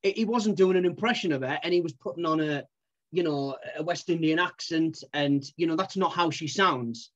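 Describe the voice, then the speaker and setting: A man's voice: fairly high pitch, moderate pace, a bit bright, muffled recording. A man, a comedian, chatting casually in an interview, rambling with lots of fillers. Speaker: comedian and impressionist.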